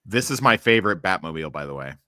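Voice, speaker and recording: A low-voiced man hosting a loose movie watch-along, crude and joking, often trailing off on fillers. His tone is bright and forceful, recorded dry and close. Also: expressive, very fast, smooth, no echo. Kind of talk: casual watch-along chat.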